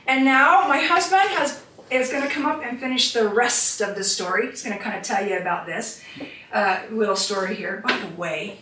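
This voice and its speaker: A woman's voice: on the high side, pushed and bright. A woman giving a live product demonstration, upbeat and coaxing as she talks straight to the audience. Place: indoor room with audience. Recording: echoey room, distant mic, faint noise.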